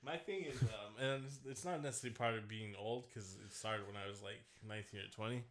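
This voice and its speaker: Bright-voiced man rambling on a podcast. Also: on the low side, brisk. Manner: rambling, laughs often, swears casually. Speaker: podcast co-host. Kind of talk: casual chat.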